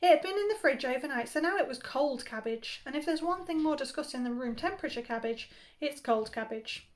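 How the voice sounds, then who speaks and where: Lively woman reading a children's story. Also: high voice, fairly quick. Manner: animated, playful comic timing. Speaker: primary school teacher.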